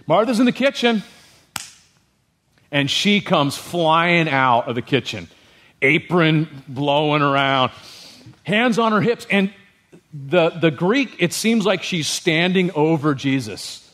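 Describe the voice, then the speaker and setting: Male pastor, slightly high voice, lively sermon, chatty with the congregation. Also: slow pace. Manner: lively, humorous, keeps checking in with the congregation.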